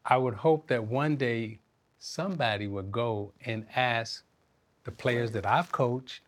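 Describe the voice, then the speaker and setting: A man, talking as a guest in an interview, earnest and reflective and quick to laugh. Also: medium pitch. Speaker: interview guest, former basketball player and coach. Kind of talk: casual interview talk.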